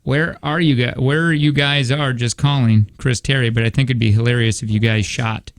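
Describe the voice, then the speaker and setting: A man's voice: mid-range voice, fairly even intonation, moderate pace, slight background noise. A man hosting a radio show, joking around and reading a story aloud with asides.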